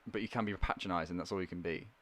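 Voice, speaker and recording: Fast-talking man telling stories. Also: sits low, fairly even intonation, fairly bright tone. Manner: rapid, laughing storyteller with many restarts. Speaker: podcast guest. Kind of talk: casual chat.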